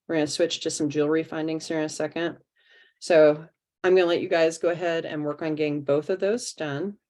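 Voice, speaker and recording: A woman with a low, slightly mellow voice guides an online craft workshop over a video call. Acting as the art teacher, she chats as she works and explains the project one step at a time.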